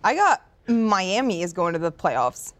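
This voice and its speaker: A woman's voice: on the low side, very animated, a little slow, a bit bright. A young adult woman co-hosting a sports talk show, playful and joking in casual banter.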